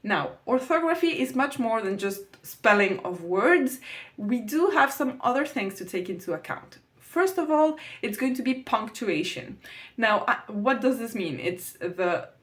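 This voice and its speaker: Patient woman teaching with frequent pauses. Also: fairly high pitch, expressive, a bit bright. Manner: patient explaining, often pausing with "uh". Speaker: Spanish language teacher. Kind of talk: podcast lesson on exam writing.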